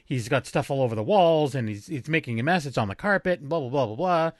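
Animated man chatting, lively pitch. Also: fast talker, no echo, studio quality. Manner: animated, acts out quotes in goofy voices. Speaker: podcast co-host. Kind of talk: casual podcast chat.

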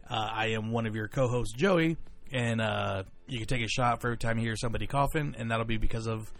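A man's voice: mid-range voice, quick pace, vocal fry, fairly bright tone. A man co-hosting a casual podcast, rambling with many fillers and joking with his co-host.

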